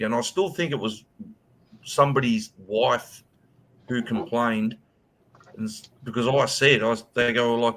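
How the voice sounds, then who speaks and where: A man's voice: mid-range voice, measured pace. A young man casually telling a story in online voice chat, swearing and acting out what people said. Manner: animated, swearing, acts out quotes. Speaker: host.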